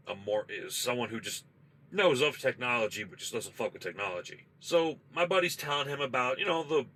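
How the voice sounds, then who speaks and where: A trucker man with a lowish voice tells a spooky story from his parked truck. His tone is bright and forceful, and his talk is loose, profane and conversational, with a faint hiss of noise underneath. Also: rough recording. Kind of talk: casual spoken storytelling.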